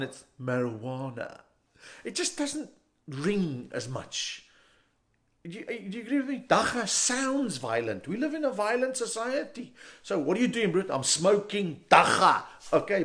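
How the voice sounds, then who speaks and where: A middle-aged man with a South African accent performing a stand-up comedy set, an animated storyteller who jumps into loud character voices. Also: sits high, normal speed. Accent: South African English.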